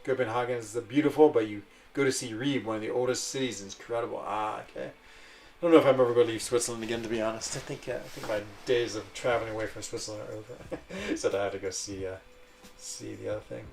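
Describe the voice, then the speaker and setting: Chatty man streaming with gravelly voice. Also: mid-range voice, fairly even intonation, fast, darkish tone, recorded from a distance. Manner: chatty, rambling, answers chat messages. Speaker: streamer reading chat. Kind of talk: casual live-stream chat. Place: lives in a village in Switzerland.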